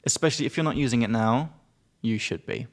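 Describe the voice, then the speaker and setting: A man's voice: mid-range voice, quick pace. A man co-hosting a casual language-learning podcast, chatty and upbeat, explaining words with lots of examples. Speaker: podcast co-host.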